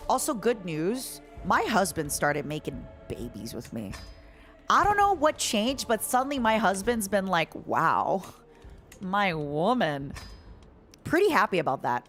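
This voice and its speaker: A woman's voice: mid-range voice, huge pitch swings, moderate pace, fairly bright tone. A woman streaming a strategy game, chatting in a playful, joking way with her viewers over faint background music. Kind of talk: casual gameplay chat.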